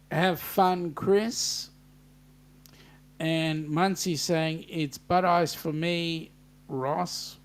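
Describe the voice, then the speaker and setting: An Australian man with a fairly high voice hosts a relaxed live-stream chat. He reads viewer comments aloud and jokes back at them at an unhurried pace, full of ums and restarts. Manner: hesitant, many ums and restarts.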